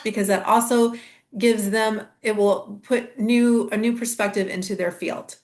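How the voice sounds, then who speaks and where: A middle-aged woman hosts her own astrology channel in a reflective, meandering spiritual monologue. Her voice sits in a middle pitch, and she circles back through restarts and soft fillers. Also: moderate pace.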